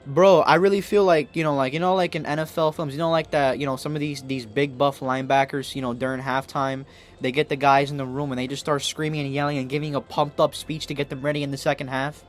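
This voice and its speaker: A man's voice: mid-range voice, fairly even intonation, fast talker, faint music behind. A young man hosting a sports podcast, delivering an impassioned, emotional rant to camera. He raises his voice, swears, and stumbles over restarts. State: emotional, near tears.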